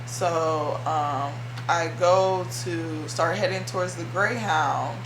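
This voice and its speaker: A woman's voice: on the low side, slow pace. A young woman vlogging, telling a personal story in an emotional, rambling way with many fillers. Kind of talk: casual storytelling. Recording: echoey room with faint hum.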